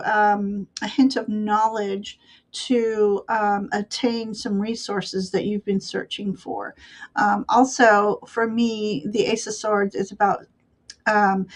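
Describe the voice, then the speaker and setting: A woman reads a spiritual card message slowly and gently. She pauses often and fills the gaps with soft ums, at a mid-range pitch. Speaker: co-host, tarot reader. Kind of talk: casual spiritual card reading.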